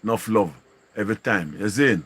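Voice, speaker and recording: A man's voice: fairly low pitch, brisk, a bit bright, breathy edge. Slangy Jamaican man on a live stream. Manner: slangy, repeats catchphrases, greets viewers. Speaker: livestream host. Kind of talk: casual live stream chat.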